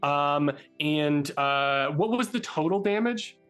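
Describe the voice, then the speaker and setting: A man narrating as game master for a tabletop game, excitable and halting, with many fillers. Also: on the high side, clean tone, soft background music.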